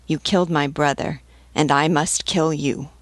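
A woman voices a young sailor in a spoken novel, simple and loyal, devout to the core. He talks plainly and earnestly. The voice is low and dry. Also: fairly even intonation, moderate pace, no echo, natural voice. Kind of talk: audiobook reading.

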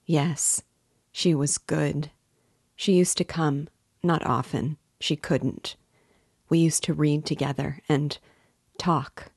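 A woman voicing a timid, devout young woman in a novel read aloud, speaking hesitantly and quietly. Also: deep voice, fairly even intonation, slow, vocal fry, pauses often, husky, no echo, studio quality, full character voice.

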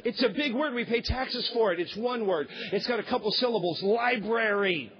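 Give me a high-voiced, husky preacher man. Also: animated, normal speed, highs cut off. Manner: emphatic preaching, rising to shouts and dropping low. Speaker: pastor. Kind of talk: sermon.

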